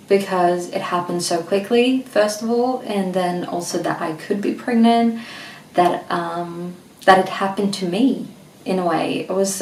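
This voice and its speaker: A woman's voice: fairly low pitch, darkish tone, far from the mic, slight background noise. A young woman from Sweden with a Swedish accent, talking in a casual vlog, a little out of breath, rambling with many restarts and fillers. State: slightly out of breath. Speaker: vlogger. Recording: echoey room, mic set back.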